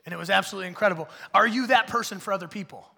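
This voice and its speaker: A high-voiced man with a gravelly edge preaches in a church, bright and forceful in his delivery. He swings from loud bursts to hushed asides. His voice rings with a long hall reverb. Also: rapid-fire. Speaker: pastor. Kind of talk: conversational sermon.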